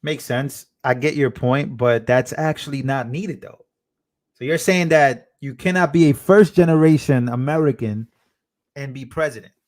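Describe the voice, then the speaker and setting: A man's voice: mid-range voice, normal speed. A young man hosting a live stream, chatting casually, reading out chat messages and thanking donors.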